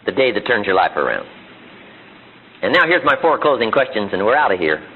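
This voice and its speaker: A man's voice: fairly low pitch, big pitch swings, brisk, husky. A middle-aged man giving a motivational seminar speech, full of rhetorical questions and acted-out quotes. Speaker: motivational speaker. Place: seminar room with audience. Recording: tinny phone-like archive audio.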